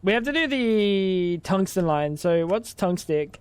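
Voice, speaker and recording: A man's voice: sits high, animated, measured pace, smooth, no echo. A man streaming a game, chatting casually and thinking aloud, with plenty of swearing. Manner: rambling, profane, thinking aloud. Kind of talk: casual livestream chat while gaming.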